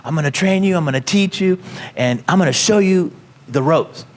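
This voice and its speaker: Man doing a Hawaiian boss: high, brisk, clipped, encouraging. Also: lightly acted. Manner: short clipped commands.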